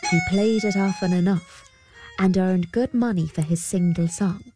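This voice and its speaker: Slow, measured woman storyteller. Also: fairly low pitch, warm tone, faint music behind. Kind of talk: scripted folktale narration.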